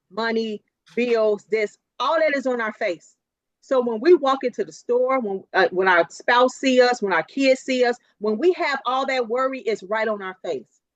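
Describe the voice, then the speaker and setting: A woman giving a motivational keynote talk over a video call, lively, laughing often and repeating points for emphasis. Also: a little high, no room sound, lo-fi sound. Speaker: keynote speaker.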